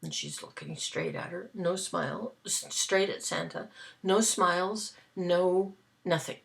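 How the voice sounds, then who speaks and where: Slow, gravelly woman telling stories. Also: lowish voice, fairly bright tone. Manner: chatty, rambling, with fillers. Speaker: storyteller. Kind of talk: casual storytelling.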